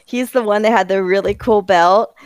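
Female co-host: relaxed, chatty, mid pitch, dry. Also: moderate pace, clean tone, no room sound. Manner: easygoing, trivia-sharing. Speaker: podcast co-host. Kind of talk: casual chat about a horror film.

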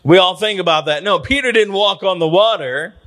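A man's voice: high voice, fairly quick, fairly bright tone. A man preaching a sermon in a church, emphatic and repetitive, drawing out words for stress and often calling out "come on" and "hallelujah". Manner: frequent interjections of "come on" and "hallelujah". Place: church sanctuary.

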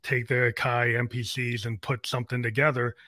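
Bright-voiced musician musing on jazz. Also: male voice, medium pitch, flat delivery, a little fast, no echo, clean studio sound. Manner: reflective, rambling, many "you know"s. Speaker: graphic novel artist and musician. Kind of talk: casual interview chat.

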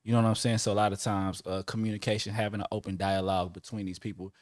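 A man's voice: lowish voice, level tone, quick pace, dry recording, studio quality. A man co-hosting a casual podcast chat, laid-back and slangy, laughing often. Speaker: podcast co-host.

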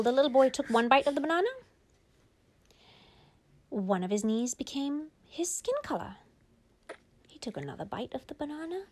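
Woman, improvised bedtime storyteller, lively with whispered asides. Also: high voice. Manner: lively, drops to whispers, drawn-out words.

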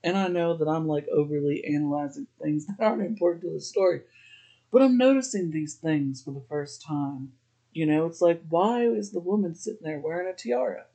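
A man's voice: fairly high pitch, lively intonation, brisk, creaky, warm tone. Chatty man recapping a TV episode. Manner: chatty, laughs often, uses "like" a lot. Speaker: podcast host.

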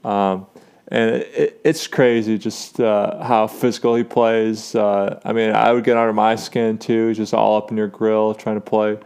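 A man's voice: lowish voice, level tone, unhurried, a little mellow, clear, resonant tone. A young man hosting a casual sports talk show, rambling with lots of fillers and restarts as he gives his takes. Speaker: sports podcast host.

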